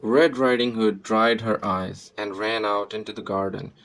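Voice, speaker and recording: A man narrates a children's fairy tale in a steady storybook manner. His voice is low and gravelly. He reads from a script. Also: a little slow, poor audio.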